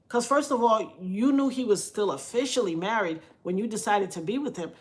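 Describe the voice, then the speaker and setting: A woman's voice: medium pitch, fairly quick, hardly any pauses. A woman telling a personal story in casual talk, frank and colloquial, acting out the other people's voices as she goes. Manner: animated, acts out quoted voices. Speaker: vlogger.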